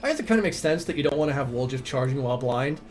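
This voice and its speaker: A man's voice: mid-range voice, lively intonation, very fast, a little hiss or hum. A man streaming a role-playing game, chatting casually, laughing often and reading game text aloud. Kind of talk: casual gameplay commentary. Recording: faint game music behind.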